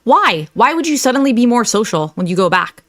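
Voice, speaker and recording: A woman's voice: a little high, sing-song, a little fast, dry recording, studio quality. A woman hosting a reaction video, giving sarcastic commentary and laughing at her own remarks.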